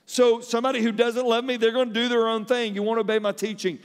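A middle-aged man, an animated pastor preaching a sermon and telling personal stories. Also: very high-pitched, fast talker, hardly any pauses, clear, resonant tone, long reverb tail. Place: large church hall.

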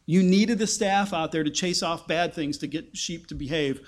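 A man's voice: on the high side, normal speed. A man preaching a conversational Bible-teaching sermon, asking his listeners rhetorical questions.

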